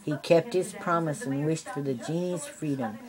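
An older woman reading a children's storybook aloud, adding gentle asides for the listening kids. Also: sits low, moderate pace, rough recording. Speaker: storybook reader.

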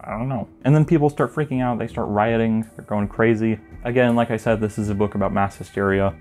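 Low-voiced guy rambling through a manga recap, jokey, some soft music under it. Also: fairly even intonation, brisk. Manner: joking, rambling asides. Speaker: video essayist reviewing a manga. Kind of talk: casual recap commentary.

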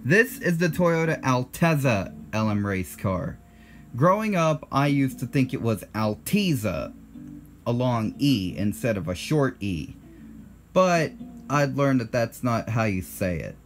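A man's voice: medium pitch, big pitch swings, measured pace, faint music behind. Blunt American man, casual video talk. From United States. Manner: blunt and defensive, with self-correcting asides. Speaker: channel host.

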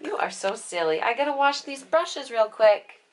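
In a voice on the high side, a young woman talks at normal speed to her vlog camera at home, animated, with slight background noise. Between casual chatter she coos at her baby boy.

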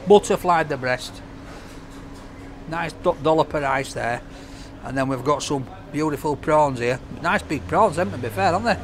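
A man's voice: fairly high pitch, normal speed, a little hiss or hum. A man reviewing a takeaway outdoors, chatting casually to camera and joking with his cameraman. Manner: jokey, banters with his cameraman. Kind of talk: casual vlog chat to camera.

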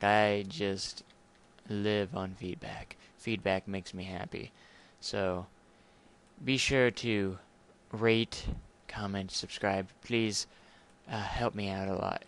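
A man's voice: on the low side, flat delivery, takes it slowly, fairly bright tone, smooth. A young man talking casually and awkwardly over his gameplay, rambling and apologizing as he goes. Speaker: gamer. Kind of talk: casual let's play commentary.

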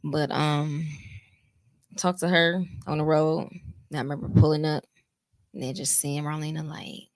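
Low-voiced young woman recalling grief. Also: level tone, unhurried, long pauses, dry recording, clean studio sound. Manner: raw emotional recollection with casual swearing. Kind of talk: casual chat.

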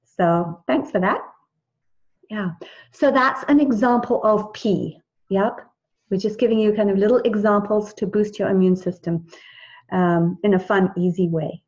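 A woman's voice: medium pitch, measured pace, a little mellow, muffled recording. Chatty woman teaching a wellness class. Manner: chatty, encouraging, restarts often. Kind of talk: live group class over video call.

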